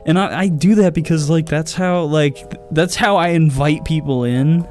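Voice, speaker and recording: A man's voice: a little high, moderate pace, darkish tone, soft background music. A young man hosting a podcast, talking casually and self-critically to his listeners, rambling and swearing often. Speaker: podcast host. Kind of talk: casual solo talk to listeners.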